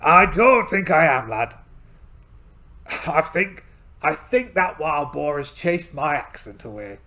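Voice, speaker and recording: A man's voice: fairly high pitch, very animated, takes it slowly, sharp tone, heavily acted. A man putting on the voice of a blustery male pirate captain who calls others "lad" in a theatrical way. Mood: pained.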